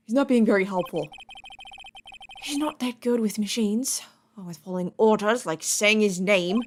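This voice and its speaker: A woman's voice: mid-range voice, moderate pace, a little hiss or hum. A woman casually commenting while playing a courtroom game, joking and amused. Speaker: let's play host.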